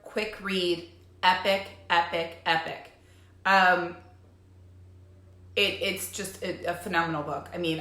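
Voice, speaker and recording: A woman's voice: on the low side, sharp tone. A woman talking in a casual live stream as a life coach, bubbly and chatty with lots of fillers. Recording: echoey room.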